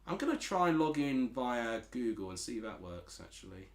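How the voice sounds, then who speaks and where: A man's voice: mid-range voice, very animated, moderate pace, echoey room. A man from Essex with an Essex accent, chatting casually as a streamer while watching football and reading out chat messages. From Essex, England.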